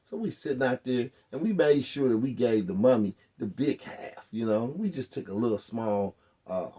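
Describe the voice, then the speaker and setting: A man's voice: lowish voice, darkish tone, breathy edge. A man telling a true story in a casual, wry, profane conversational way.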